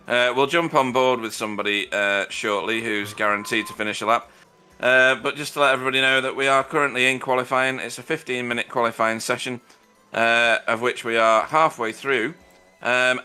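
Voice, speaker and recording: Bright, crisp man commentating. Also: medium pitch. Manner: chatty, dry self-deprecating humor. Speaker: sim racing commentator. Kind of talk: live race commentary.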